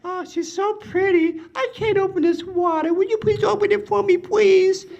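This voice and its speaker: A man doing a coy falsetto young woman. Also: steady tone, normal speed, gravelly, darkish tone, dull audio. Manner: coy, pleading, sugary.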